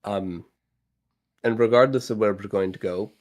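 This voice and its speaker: A man's voice: fairly low pitch, normal speed. A man talking casually as a player in a tabletop role-playing game, easygoing and hesitant. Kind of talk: tabletop role-play chat.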